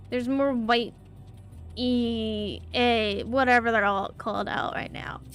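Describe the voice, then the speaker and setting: A woman's voice: fairly high pitch, steady tone, slow pace, fairly bright tone, soft background music. A woman streamer giving emotive, exclamatory let's play commentary that often stammers. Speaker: gaming streamer.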